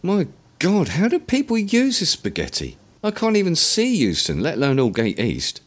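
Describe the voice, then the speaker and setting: A man voicing a nervous, easily flustered young man in an audiobook reading. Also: normal speed. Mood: panicked. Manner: high, excitable inner voice.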